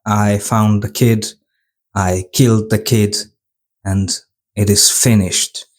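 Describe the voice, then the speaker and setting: Brief: flat, unemotional male replicant detective, reviewer's own voice. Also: lowish voice, slow.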